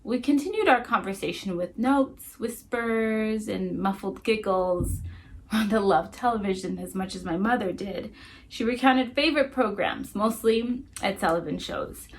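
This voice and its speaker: A woman giving an expressive story reading. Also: mid-range voice, a little hiss or hum. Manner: measured, expressive reading with sharp shifts between soft and full voice. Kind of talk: dramatic storytelling performance.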